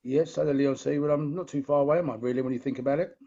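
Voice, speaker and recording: A man's voice: mid-range voice, steady tone, very fast, creaky, dark tone, muffled recording, slight background noise. A man with an East London accent, a guest on a video call, talking earnestly and in a friendly way. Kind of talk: casual interview chat.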